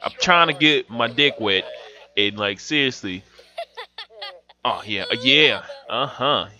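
A young man giving loud, profane, excitable commentary while playing a life-sim game, swinging from yells to mutters. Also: medium pitch, slow pace. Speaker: gaming YouTuber. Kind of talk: profane comic gameplay commentary. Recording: dull lo-fi home mic with game music.

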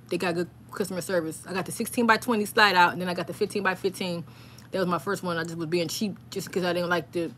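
A woman hosting a casual live stream, rambling excitedly and reading viewers' comments aloud. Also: lowish voice, slight background noise.

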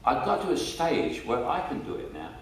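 A man's voice: fairly high pitch, huge pitch swings, a little fast, slight background noise. Older Cockney man telling stories. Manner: chatty storyteller, laughs often, repeats words while restarting. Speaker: actor interview guest. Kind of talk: casual anecdotal interview. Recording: echoey room, mic at a distance.

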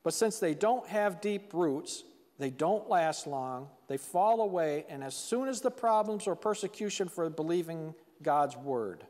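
A man's voice: a little high, lively intonation, unhurried, a little mellow, in a large hall. A man preaching a sermon in a church, talking plainly and acting out quotes of the people in the story. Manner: conversational, plain-spoken preaching with acted-out quotes. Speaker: pastor. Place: church sanctuary.

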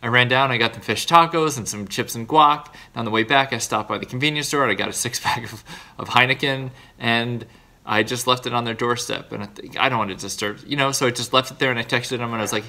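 A man speaking to camera in a personal video diary, his voice bright and a little tense at an ordinary middle pitch. He rambles earnestly and pokes fun at himself, circling back over his words as he goes. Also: quick pace. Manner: earnest, rambling, self-deprecating. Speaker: vlogger.

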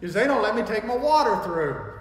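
A pastor preaching a sermon with emphatic, folksy delivery, jumping from quiet asides to loud declarations. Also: male voice, high voice, sing-song, a little fast. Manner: emphatic preaching with wide swings in loudness; folksy storytelling. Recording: echoey hall with long reverb.

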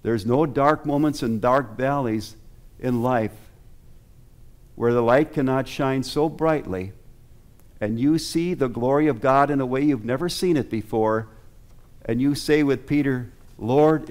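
Male pastor at the pulpit, mid-pitched, earnest, preaches with rhetorical questions to the pews. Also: measured pace, darkish tone. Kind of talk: sermon. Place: church sanctuary.

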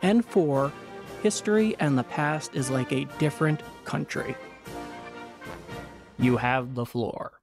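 A man co-hosting a history podcast, speaking in a wry, animated way. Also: medium pitch, slow, gravelly, long pauses, over music. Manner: wry, animated, recites set rules. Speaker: podcast co-host. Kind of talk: casual history podcast chat.

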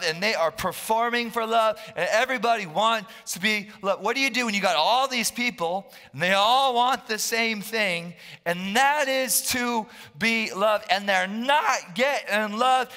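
A man preaching a sermon as a pastor, passionate and often yelling, joking with his congregation. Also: sits high. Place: church hall. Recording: long reverb of a church hall.

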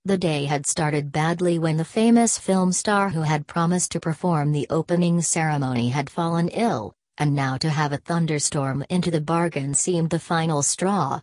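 A woman narrating a children's storybook in a clear, measured way. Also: sits low, a little mellow, no echo. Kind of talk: storybook reading.

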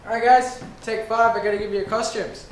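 A man's voice: sits high, fairly even intonation, brisk, a little hiss or hum, natural voice, poor audio. A man playing a pompous, self-important director. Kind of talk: mockumentary interview.

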